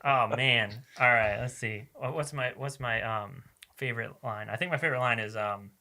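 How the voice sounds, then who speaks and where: A man's voice: mid-range voice, normal speed, bright, forceful tone. A man hosting a podcast in casual chat, enthusiastic and joking, with lots of fillers. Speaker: podcast host.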